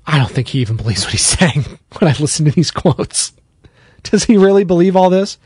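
A man's voice: on the high side, expressive, fairly quick, darkish tone, husky, no echo. Sarcastic sports radio man, dry studio. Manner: sarcastic, rambling, with tangents. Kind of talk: opinionated sports talk monologue.

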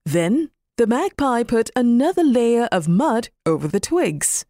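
A woman narrating a children's bedtime story in a gentle, expressive reading. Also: fairly high pitch, unhurried, dry recording, studio quality.

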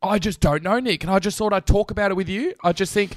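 A young man, telling animated stories in a casual podcast chat and swearing often. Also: sits high, quick pace, no echo, clean studio sound. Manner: animated storytelling, swears a lot, laughs often. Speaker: podcast co-host.

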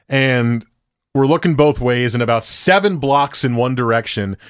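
A young man in casual conversation, telling an animated story and acting out what his friends said. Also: medium pitch, normal speed, no echo, studio quality. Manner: animated storyteller, acts out quotes.

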